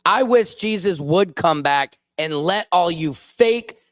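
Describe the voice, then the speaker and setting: A male comedian fronts his own show with a furious, profane tirade. He speaks slowly and leans on every word, his voice sitting a little high. The sound is dry and close. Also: animated, a bit bright, no room sound. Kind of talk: angry political rant on a stream.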